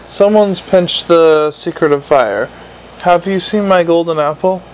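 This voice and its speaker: A man voicing a tired, dry-witted police commander who asks measured questions. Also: fairly high pitch, a little hiss or hum, natural voice, rough recording.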